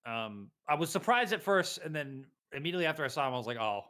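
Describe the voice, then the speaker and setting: Animated young man, bright lively voice. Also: fairly high pitch, quick pace. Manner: animated, emphatic, swears casually. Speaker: podcast co-host. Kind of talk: casual chat.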